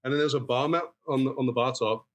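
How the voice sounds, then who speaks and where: A man telling stories as a podcast guest, animated and acting out quoted dialogue. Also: mid-range voice, fast. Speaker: guest bartender. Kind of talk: casual storytelling.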